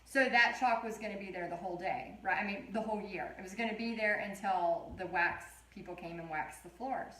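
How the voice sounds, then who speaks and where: A woman's voice: mid-range voice, brisk, hardly any pauses, fairly bright tone. Chatty woman in her thirties, roomy sound. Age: 30s. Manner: chatty, rambling storyteller. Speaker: art teacher. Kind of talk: casual live-stream painting tutorial. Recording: roomy echo.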